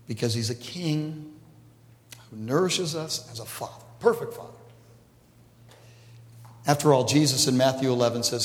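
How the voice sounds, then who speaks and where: A man's voice: fairly high pitch, sing-song, normal speed, long pauses. A man, a pastor, preaching a conversational sermon with jokes to a congregation. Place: large church hall. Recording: echoey hall, reverb. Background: congregation laughing.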